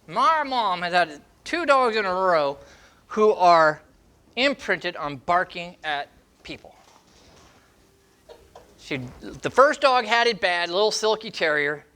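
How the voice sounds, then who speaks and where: A man's voice: high voice, animated, takes it slowly, long pauses, pushed and bright, smooth. A man working as a dog trainer, answering questions on a show, emphatic and acting out training steps in short bursts. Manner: emphatic, demonstrates scenes in short fragments. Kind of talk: Q&A advice segment.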